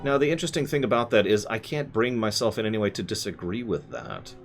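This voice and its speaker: A man's voice: fairly low pitch, animated, fast talker, faint music behind. Rambling man chatting on a stream. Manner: rambling, self-correcting, opinionated. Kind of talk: live stream chat answering viewers.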